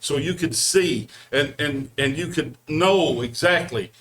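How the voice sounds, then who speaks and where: A man interviewing wrestlers, pleading with them and trying to calm the argument. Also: on the high side, measured pace, a little hiss or hum. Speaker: interviewer and commentator.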